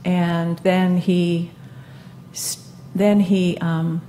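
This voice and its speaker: A woman in her seventies speaking onstage at a live event, telling her own story in an earnest, halting way with many fillers and restarts. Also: on the low side, level tone, mellow, slight background noise. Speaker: guest speaker. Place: live event stage before an audience.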